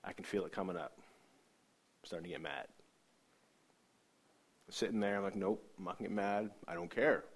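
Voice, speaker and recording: A man with a fairly low voice tells his faith testimony in an earnest, halting way. He stumbles and repeats himself as the feeling builds, pressing on through each sentence. His delivery is raw and personal rather than polished. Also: breathy edge. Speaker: speaker sharing a faith testimony.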